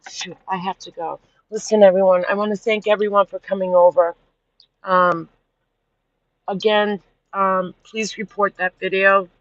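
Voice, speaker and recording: A woman's voice: medium pitch, measured pace, no echo. Indignant woman livestreaming, dull lo-fi sound. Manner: animated, indignant retelling. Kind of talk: casual livestream chat.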